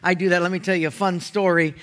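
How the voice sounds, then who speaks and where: A male guest pastor preaching with a high, bright voice. He is folksy and jokes with his listeners, moving between playful asides and teaching. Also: fast. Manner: folksy, joking, animated. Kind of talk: sermon.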